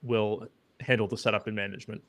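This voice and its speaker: A man co-hosting a podcast, explaining things in a relaxed, matter-of-fact way. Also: lowish voice, quick pace, no echo. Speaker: podcast co-host. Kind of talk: casual explaining.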